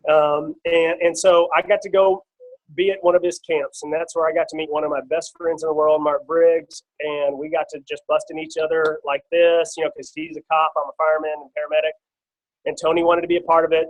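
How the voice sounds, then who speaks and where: A man's voice: fairly high pitch, little pitch movement, fairly quick, poor audio. Man telling his story in a casual, rambling way. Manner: casual and storytelling, with many fillers and restarts. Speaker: guest speaker on a team call. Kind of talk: personal testimony on a conference call.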